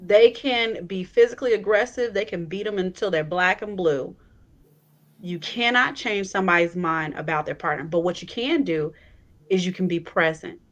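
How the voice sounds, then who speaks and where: A woman's voice: on the low side, moderate pace. A woman on a panel giving firm, emphatic advice.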